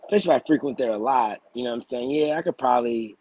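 A young adult man, a podcast co-host, telling a story in a casual, profane, animated way and acting out the people he argued with. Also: mid-range voice, racing, slight background noise, rough recording. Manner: animated, profane, acts out quoted exchanges.

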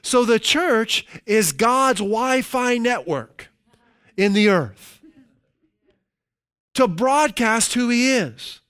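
High, smooth-voiced male pastor preaching. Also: lively intonation, fairly bright tone, no echo, clean studio sound. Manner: slows down for emphasis, conversational asides. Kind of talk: sermon.

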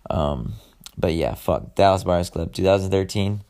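A man's voice: deep voice, animated, normal speed, creaky, dark tone. A young man hosting a solo podcast, rambling casually with lots of swearing and filler words. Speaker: podcast host.

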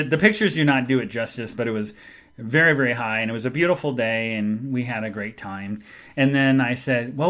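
A man hosting a podcast, telling a story in a casual chat and acting out the people in it with sudden jumps in pitch and loudness. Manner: animated, acts out quoted people with big jumps in pitch and loudness. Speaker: podcast host.

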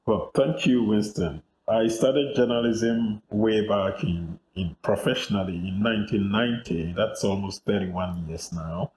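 Ghanaian man in his fifties, very low voice, roomy office echo, measured and reflective guest. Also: darkish tone, a little hiss or hum. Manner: measured, reflective, with frequent fillers. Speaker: guest journalist. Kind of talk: interview over a remote call.

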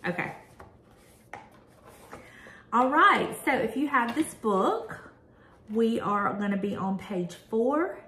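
A woman's voice: on the high side, lively intonation, slow, long pauses, sharp tone, reverberant, slight background noise. A woman vlogger reading a devotional prayer aloud and reflecting on it in an earnest, candid, conversational way.

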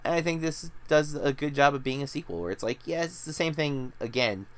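A man's voice: on the high side, a little fast. A man hosting a movie review podcast, talking in a loose, chatty way full of "like" and restarts. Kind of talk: casual chat.

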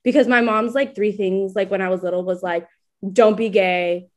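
A young woman with a mid-range voice talks a little fast as a guest sharing her coming-out story in casual chat. She tells it animatedly, acting out what others said and laughing often.

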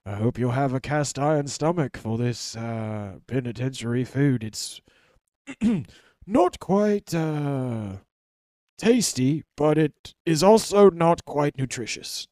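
A man's voice: mid-range voice, expressive, slow, dark tone, dry recording, studio quality. A man voicing a rambling old male ex-soldier in prison, stammering and dithering, getting overexcited. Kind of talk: tabletop role-play voicing.

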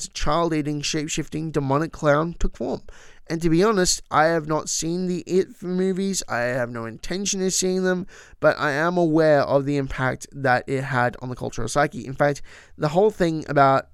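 A man's voice: a little high, moderate pace, clean tone, dry recording, studio quality. A man hosting a podcast, talking casually and with opinions about trivia, with frequent asides. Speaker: podcast host.

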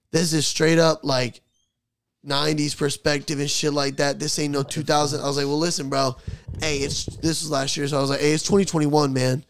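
A young man hosting a podcast, telling a story in casual, profane slang with animated energy. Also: on the high side, dry recording. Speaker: podcast host.

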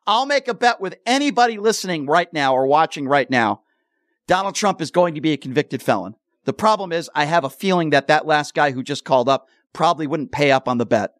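A man's voice: a little high, lively intonation, brisk, fairly bright tone, no echo, studio quality. A man hosting a call-in radio show, blunt and argumentative. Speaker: radio talk show host.

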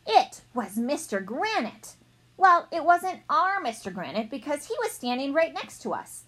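A woman reading a children's chapter book aloud, expressive and playful. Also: sits high, normal speed. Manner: expressive, playful character voices. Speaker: reader.

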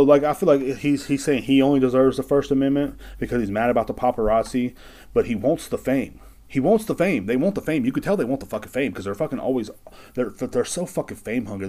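A man's voice: mid-range voice, mellow. Profane rambling podcast man. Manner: profane, rambling, talks to himself. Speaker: podcast host. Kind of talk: casual solo podcast rant.

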